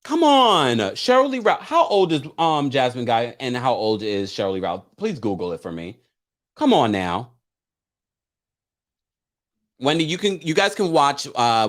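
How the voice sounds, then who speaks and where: A man hosts a live recap stream in a loose, casual way, reading out viewer comments and reacting with laughs. His voice is mid-pitched and very animated, swinging up and down as he talks. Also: normal speed. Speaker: live recap show host.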